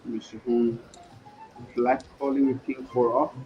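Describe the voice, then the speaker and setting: A man doing live poker commentary, reading the board and action while trading light jokes with his co-host. His voice sits at an ordinary pitch. The sound is a little dull and muffled, like broadcast audio. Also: flat delivery, unhurried, soft background music. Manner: playful, joking banter between hands. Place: commentary booth at a poker event.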